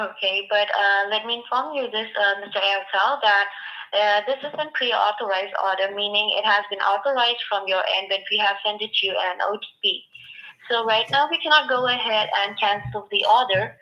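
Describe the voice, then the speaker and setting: A woman heard over a dull, muffled phone line, her voice bright and tense. She talks in formal, repetitive phrasing that comes out slightly broken, like a call-center script. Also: medium pitch, moderate pace. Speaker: phone scammer posing as an agent.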